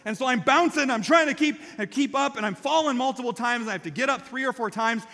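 A man delivers a sermon with animated storytelling and a high, bright voice. He swings from lively, loud peaks to quiet, earnest passages. His words ring out in a large church hall with a long reverb. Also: fast talker. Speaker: pastor.

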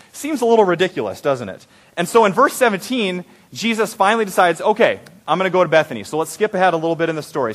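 High-voiced man preaching a sermon. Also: fairly bright tone. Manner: conversational, asks the congregation questions; acts out quoted prayers with rising intensity. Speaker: pastor.

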